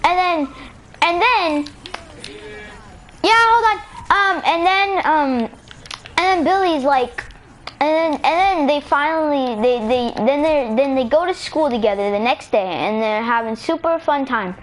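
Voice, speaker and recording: A woman's voice: high-pitched, measured pace, slight background noise. A young woman rambling through a story with many fillers and restarts in casual game voice chat on a headset. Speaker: player in team voice chat.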